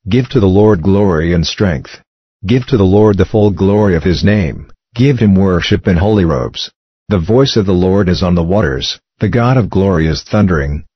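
Deep-voiced man reading scripture, dry and muffled. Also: no echo. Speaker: scripture reader. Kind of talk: steady recited Bible reading. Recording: dull, lo-fi dry recording.

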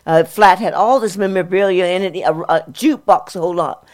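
An older woman, hosting a music show and telling rambling anecdotes in an excitable, chatty way. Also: fairly low pitch, fairly quick. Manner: excitable and chatty, with many restarts and fillers.

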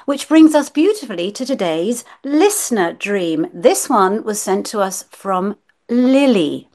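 A British woman of medium pitch interprets dreams on a podcast. She explains in a gentle, measured way and often ends her points with a tag question. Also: sing-song. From Britain. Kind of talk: casual chat, explaining.

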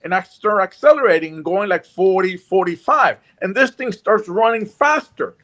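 A man telling a personal story in casual chat, animated and acting out what people said. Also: sits high, moderate pace. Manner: animated, acts out quotes.

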